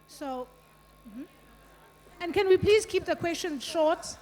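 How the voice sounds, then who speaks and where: A woman's voice: extremely high pitch, takes it slowly, darkish tone. A woman moderating a festival session, making firm, practical announcements to the audience. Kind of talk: event announcements.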